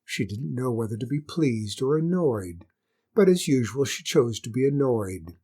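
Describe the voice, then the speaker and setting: A man reading a children's story aloud in a measured, expressive way. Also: mid-range voice, husky.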